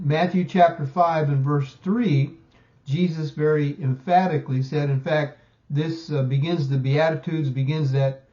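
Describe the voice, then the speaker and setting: Man, Bible study teacher, fairly high voice, emphatic, stretches key words, muffled lo-fi sound. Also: a little mellow. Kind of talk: recorded Bible study lesson.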